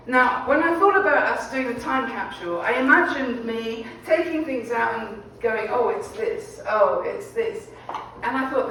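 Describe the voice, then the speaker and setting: Woman, pastor, chatty introduction, somewhat high voice, echoey hall, far from the mic. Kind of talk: informal event introduction. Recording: echoey hall, distant mic, faint noise.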